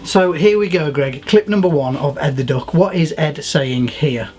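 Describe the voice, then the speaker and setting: Guy hosting a silly quiz, teasing and mock-stern, kinda high voice, faint music behind. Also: moderate pace, darkish tone. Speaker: host running a quiz game. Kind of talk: playful quiz banter.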